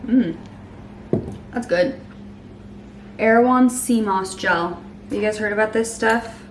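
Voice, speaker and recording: A young woman in her twenties chatting casually to camera as she makes a smoothie, saying "like" a lot and sometimes trailing off into soft murmurs. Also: mid-range voice, slow, pauses often, echoey room, far from the mic, background noise. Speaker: lifestyle vlogger. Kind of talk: casual vlog chat. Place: home kitchen.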